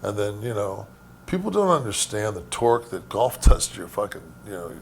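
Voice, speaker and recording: A man recalling old friends in a halting, reflective way, swearing often. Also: on the low side, big pitch swings, gravelly, slight background noise. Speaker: wrestling guest recalling stories. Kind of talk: casual storytelling.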